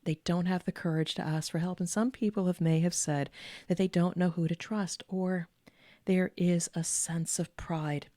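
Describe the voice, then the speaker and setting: A middle-aged woman hosting a podcast, giving calm, measured, earnest advice to executives with deliberate pauses. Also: on the low side, no echo, clean studio sound. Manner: earnest and encouraging, repeats key words. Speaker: podcast host and executive coach. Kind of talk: direct-to-camera advice talk.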